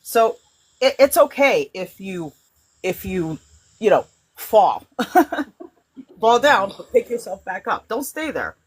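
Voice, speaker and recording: A woman hosting a spiritual conversation who tells stories in an animated way, with frequent restarts. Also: medium pitch, takes it slowly, long pauses, husky, rough recording. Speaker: host.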